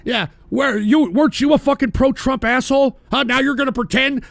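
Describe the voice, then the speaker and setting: A man hosting a livestream, delivering a profane, sarcastic political rant that often breaks into shouting. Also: very high-pitched, fast, gravelly, few pauses, dry recording, studio quality. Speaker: livestream host.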